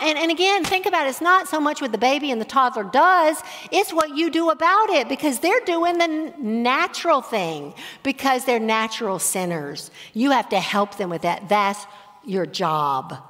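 A middle-aged woman teaching a Bible study on parenting, talking in a conversational, animated way. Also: sits high. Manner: conversational, animated, with laughs and acted-out examples. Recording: echoey hall with long reverb.

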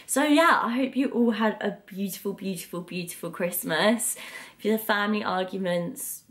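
A woman, chatting casually to camera in a vlog and gushing when she gets excited. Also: medium pitch, normal speed. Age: 20s. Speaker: vlogger.

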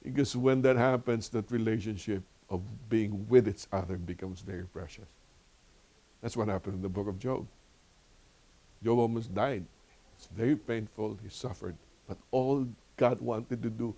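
An older man with a Filipino accent leading a church Bible lesson, telling stories with lively, preacherly repetition. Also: fairly low pitch, normal speed. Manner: animated storytelling, laughs often. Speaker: Bible study teacher.

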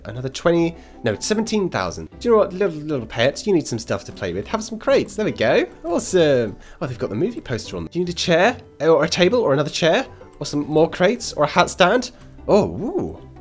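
A young man giving excitable, chatty gameplay commentary and talking straight to his viewers. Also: mid-range voice. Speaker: YouTuber.

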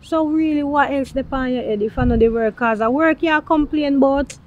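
Brief: a woman acting as a high-voiced Jamaican partner, soothing and coaxing. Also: brisk, muffled recording, lightly acted. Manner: soothing, coaxing, repeats "calm down". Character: caring partner of a farmer, adult woman. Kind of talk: low-budget film acting.

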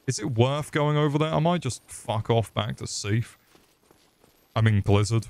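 A man's voice: mid-range voice, normal speed, a little mellow, no room sound. Swearing man streaming a game. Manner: profane, rambling, jokey. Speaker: gaming streamer. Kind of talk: casual livestream commentary.

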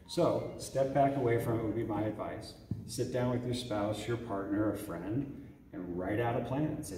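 A youth ministry director gives a parent talk in a church hall, speaking conversationally in a fairly low voice and often checking in with "okay?". The echoey hall is recorded from far off, with background noise.

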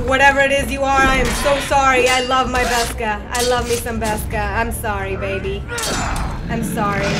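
A young woman commentating a video game she is playing, excitable, swearing freely and shouting at the screen. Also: high voice. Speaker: gaming video host. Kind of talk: let's play commentary. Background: game music and sound.

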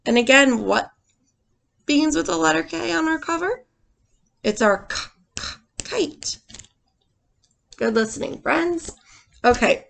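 Slow, gravelly-voiced woman teacher. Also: on the high side. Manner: expressive read-aloud with sound effects and questions to the children. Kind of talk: reading aloud and teaching young children.

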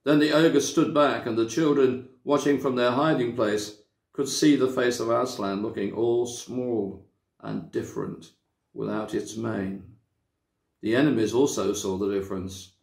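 A man from a church reading a children's story aloud, with measured, dramatic storytelling. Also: medium pitch, steady tone, vocal fry. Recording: echoey room.

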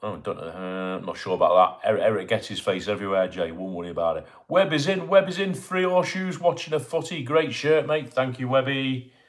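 A man's voice: lowish voice, brisk. A middle-aged man hosting a casual live stream from home, chatting and greeting viewers by name as he reads their comments. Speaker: livestream host. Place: home in Bournemouth.

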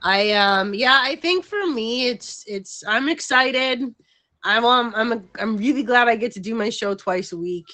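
Bright-voiced, rambling middle-aged woman. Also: on the high side, unhurried. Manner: rambling, frank, laughs easily. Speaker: livestream show host. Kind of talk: casual chat.

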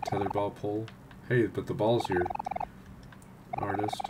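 A man playing a game and commenting in a sleepy, low-key way. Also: steady tone, a little slow. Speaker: game player. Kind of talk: let's play commentary. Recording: loud background noise.

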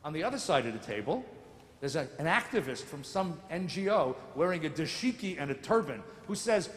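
A man's voice: a little high, fairly quick. A man, a rabbi, giving a lecture in a large synagogue sanctuary, telling stories with wry asides. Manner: animated, sardonic storytelling with mock voices. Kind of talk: lecture with humor. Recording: echoey sanctuary with long reverb.

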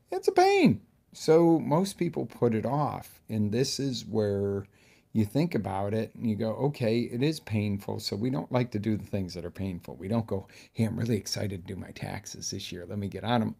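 A man giving a motivational coaching talk, animated, jumping between loud bursts and quiet asides and acting out examples. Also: lowish voice, gravelly. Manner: talks through examples with acted-out inner voices. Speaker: fitness coach.

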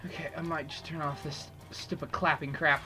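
A woman with a low-pitched voice and flat delivery talks at normal speed over background music. She's a gamer playing co-op with a friend, chatting casually, swearing a lot and bursting out loudly in frustration.

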